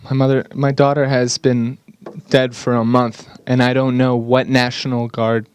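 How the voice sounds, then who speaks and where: A man giving an earnest, slightly halting English voice-over interpretation of speakers at a conference. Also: mid-range voice, little pitch movement, clear, resonant tone.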